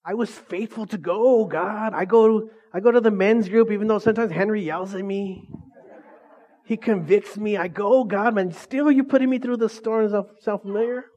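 A man's voice: high voice, normal speed, mellow, muffled recording, pitched above the performer's own voice, close to an everyday voice. A man voicing a self-pitying male churchgoer who complains and pleads with God. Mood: whiny.

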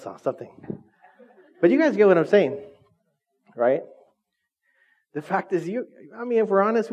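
A man's voice: on the high side, darkish tone. A male pastor preaching a sermon to his congregation in a casual, joking way, often asking them questions, in a dull, lo-fi recording. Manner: conversational, joking, constantly quizzes the congregation. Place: church, before a congregation.

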